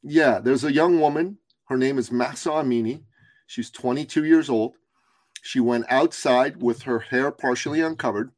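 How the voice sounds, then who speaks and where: A man's voice: medium pitch, moderate pace, no room sound, rough recording. A middle-aged man from Iran, a guest on a podcast who tells his story with passion and emphasis. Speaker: guest, business coach. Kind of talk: podcast interview.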